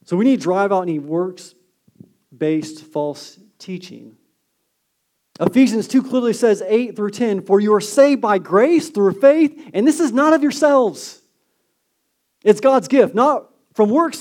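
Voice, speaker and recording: High-voiced man preaching a sermon. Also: lively intonation, measured pace. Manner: earnest preaching, swings from emphatic to hushed. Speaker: pastor.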